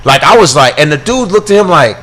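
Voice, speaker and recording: A man's voice: fairly high pitch, big pitch swings, fast, a bit bright. A man telling a story on a podcast in a casual, profane, ranting way. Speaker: guest comedian.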